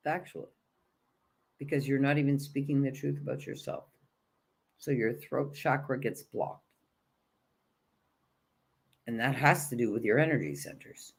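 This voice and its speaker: A woman with a husky, creaky bass voice gives a motivational spiritual talk on energy and self-love, speaking a little slowly and pausing often. Her coaching is blunt, emphatic and repetitive, conversational in tone, full of fillers and restarted sentences, with casual swearing.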